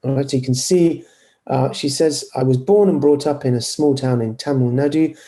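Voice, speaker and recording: Male lecturer on a video call, mellow tone, hesitant delivery with restarts. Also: medium pitch, normal speed. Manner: hesitant, apologetic, many fillers and restarts. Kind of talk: online lecture with screen sharing.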